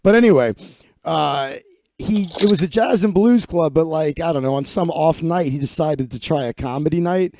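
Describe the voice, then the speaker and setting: A man's voice: on the high side, normal speed, mellow, no room sound. A man hosting a podcast, chatting casually and animatedly with a fellow comedian, laughing easily and swearing freely. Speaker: podcast host. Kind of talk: casual chat.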